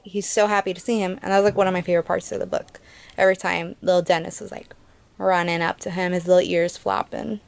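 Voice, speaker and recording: A woman's voice: medium pitch, clean tone, no room sound. A young woman casually reviewing a book in a chatty, rambling way, with fillers and little laughs.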